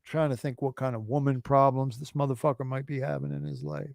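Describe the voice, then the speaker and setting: A man in his forties hosting a livestream, telling a rambling, profane story in a casual, animated way. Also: medium pitch, brisk, creaky, no room sound, clean studio sound. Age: 40s. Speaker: livestream host.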